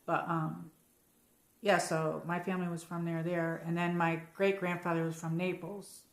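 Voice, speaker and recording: A woman's voice: on the low side, level tone, moderate pace, echoey room. An American woman hosting a casual live-chat stream from home, rambling and reading out viewer comments. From United States. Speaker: livestream host.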